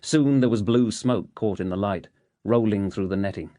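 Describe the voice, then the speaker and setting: Low-voiced male audiobook narrator. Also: moderate pace, dark tone, dry recording, studio quality. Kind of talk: scripted first-person narration.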